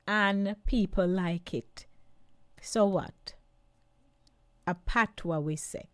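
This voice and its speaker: Jamaican woman, radio host, unhurried lively delivery, dry studio sound. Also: mid-range voice, no echo. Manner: lively, slides into patois. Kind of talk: talk radio monologue.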